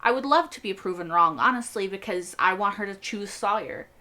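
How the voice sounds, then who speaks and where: A woman's voice: medium pitch, animated, fairly quick, bright, forceful tone. A young woman hosting a TV reaction video, rambling earnestly in casual chat and laughing often.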